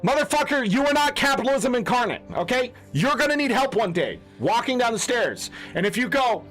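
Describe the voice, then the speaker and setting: A man's voice: extremely high pitch, big pitch swings, moderate pace, fairly bright tone, soft background music. A man who streams games, ranting in an unscripted, heated, profane way. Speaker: gaming streamer. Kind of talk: unscripted rant.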